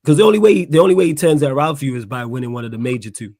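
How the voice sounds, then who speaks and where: A man's voice: medium pitch, animated, very fast, a little mellow. A man hosting a fan call-in show, agreeing with and backing up the caller. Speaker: show host.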